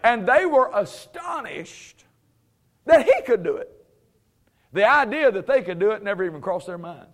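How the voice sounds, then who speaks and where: Male preacher, high-pitched, conversational Bible teaching, frequent chuckles, sarcastic humor with firm emphasis. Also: sing-song, normal speed.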